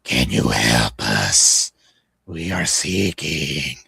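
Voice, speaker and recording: A man doing a gravelly creature voice. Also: very deep voice, animated, sharp tone, no room sound, voice pushed down, exaggerated voice. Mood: pleading. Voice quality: rough, gravelly. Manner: slow, pleading, repetitive. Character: gravelly-voiced eerie creature posing as a gnome.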